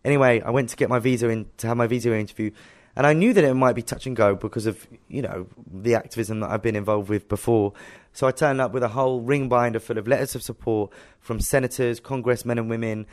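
Activist guy telling his story, animated and chatty. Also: medium pitch. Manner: animated storytelling, acting out dialogue. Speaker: activist guest. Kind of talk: casual interview storytelling.

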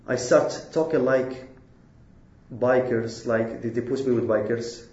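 A man telling his own story in earnest, halting non-native English, restarting his sentences often. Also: mid-range voice, steady tone, a little mellow, roomy sound, muffled recording. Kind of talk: personal storytelling talk.

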